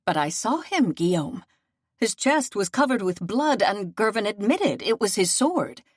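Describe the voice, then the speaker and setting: A woman's voice: medium pitch, very animated, a little slow, husky, dry recording, studio quality. A woman voicing a young noble lady, pregnant and grieving, who speaks earnestly and with feeling in an audiobook. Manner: earnest and emotional.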